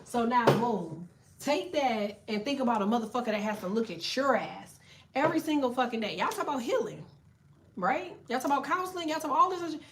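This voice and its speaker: A woman tarot reader ranting to camera in a blunt, profane, animated way while telling a story. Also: a little high, fast, a little hiss or hum. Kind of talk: casual tarot rant to camera.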